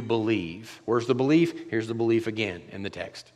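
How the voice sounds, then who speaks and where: A male pastor preaching a sermon, moving between hushed, quiet passages and loud, impassioned climaxes. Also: lowish voice, moderate pace, hardly any pauses, big-room sound.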